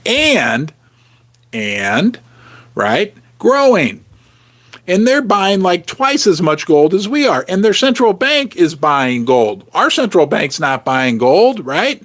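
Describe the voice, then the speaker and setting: A male livestream host keeps things loose and jokey, riffing on viewer comments. His voice is high for a man with wide pitch swings, and he stays animated while speaking slowly.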